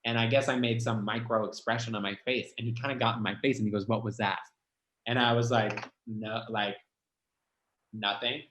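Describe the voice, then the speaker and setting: A man's voice: mid-range voice, fairly even intonation, fast talker, few pauses, a bit bright, echoey room, low-quality recording. A man speaking as a guest, telling his own story candidly and emotionally, full of "like" and the odd swear word. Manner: emotional, confessional, heavy filler "like", swears.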